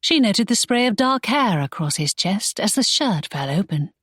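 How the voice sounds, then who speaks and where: A woman narrating a romance audiobook in an expressive storytelling manner. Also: mid-range voice, moderate pace, husky, no echo, clean studio sound.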